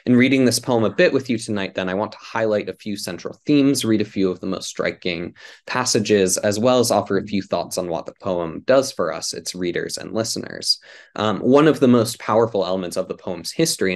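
A man giving an academic literature lecture, explaining patiently to an audience with frequent ums and small self-corrections. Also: on the low side.

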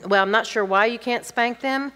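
A woman's voice: fairly high pitch, measured pace, a bit bright. An older woman teaching, reading audience questions aloud and answering them candidly with chatty personal stories. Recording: long reverb from a hall.

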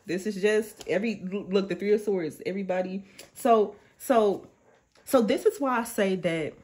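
A woman's voice: medium pitch, normal speed, breathy edge. A woman giving a casual tarot reading to her viewers, chatty and slangy, often breaking off to act out quoted thoughts. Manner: chatty, animated, slangy and self-interrupting, acting out quoted thoughts. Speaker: tarot reader.

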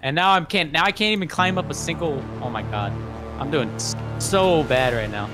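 A man's voice: on the high side, expressive, normal speed. A young man talks casually with his friends while they play. He grumbles, swears and laughs at how hard the level is. Game music runs steadily behind his voice. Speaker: gamer streaming with friends. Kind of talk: casual gaming chat.

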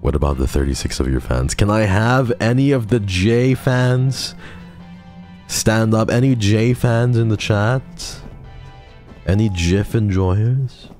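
A man's voice: fairly low pitch, takes it slowly, darkish tone, faint music behind. A young man streaming a game, bantering with his chat in a profane, teasing way. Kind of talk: casual game stream chatter.

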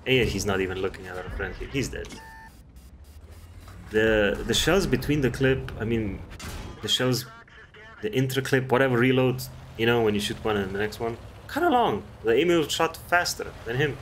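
A man's voice: medium pitch, animated, normal speed, slight background noise. A man casually commenting on a game replay, rambling and chatty, swearing freely. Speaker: gameplay commentator.

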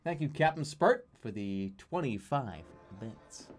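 A man's voice: medium pitch, expressive, slow pace. A young man casually commenting on a game he is streaming, crude and joking. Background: game music and vehicle sounds.

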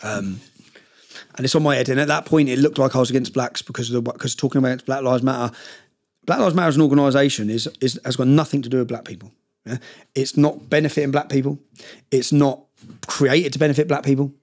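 Fast-talking man telling a story. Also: medium pitch, a little mellow. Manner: emphatic, rapid storytelling with frequent "yeah?" tag questions. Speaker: podcast guest. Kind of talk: storytelling in a casual interview.

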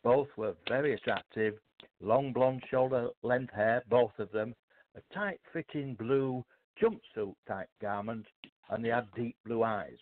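An older man with a British accent, a guest author telling his life story in a modest, measured way with hesitant fillers. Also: mid-range voice. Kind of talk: storytelling in a casual interview. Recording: tinny phone-like line.

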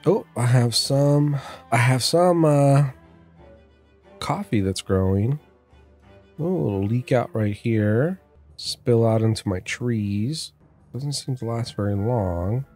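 A man talks through his building game in a loose, chatty way, his pitch bouncing up and down as he goes. His voice is mellow and warm, close on a dynamic mic. Faint game music plays behind him. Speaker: gameplay streamer. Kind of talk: casual gameplay commentary. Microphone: dynamic mic on boom arm.

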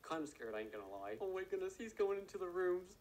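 A man giving live commentary on a game he is playing, excitable and gasping often, talking to his viewers and teammates. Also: high-pitched, quick pace, slight background noise, poor audio. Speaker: gaming video creator.

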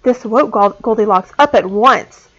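A woman teacher reading a storybook aloud to small children, clear and expressive. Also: a little high, unhurried. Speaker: pre-K teacher. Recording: dull lo-fi sound.

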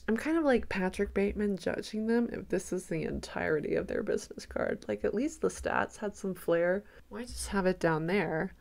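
A woman giving excited reaction commentary on a trailer, gushing and speculating aloud, breaking into gasps and squeals. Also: medium pitch, moderate pace, creaky, few pauses.

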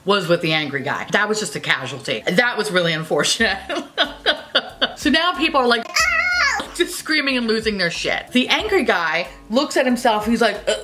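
Lively, foul-mouthed woman vlogger. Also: mid-range voice, normal speed, faint music behind. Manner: profane, animated, joking. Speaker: beauty vlogger. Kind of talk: casual storytelling vlog.

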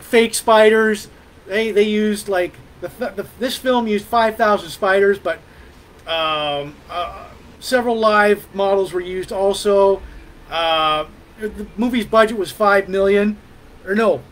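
High-voiced rambling livestream host. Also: male voice, fairly bright tone, slight background noise, low-quality recording. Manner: rambling, many fillers and restarts. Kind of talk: casual livestream chat.

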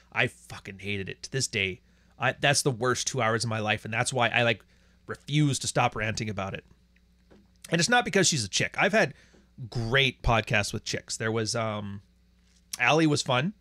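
A man's voice: medium pitch, sharp tone, no room sound. A man hosting a livestream who rants bluntly and crudely and reads out viewer chats. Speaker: livestream host. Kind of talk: profane livestream rant.

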